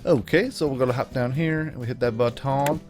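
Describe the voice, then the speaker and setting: A man hosts a gaming video, chatting loosely and enthusiastically as he shows off a build. His voice sits at an ordinary middle pitch, and faint game music plays under him. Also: fairly quick, a little mellow. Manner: rambling, jokey, enthusiastic. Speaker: gaming YouTuber. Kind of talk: let's play commentary.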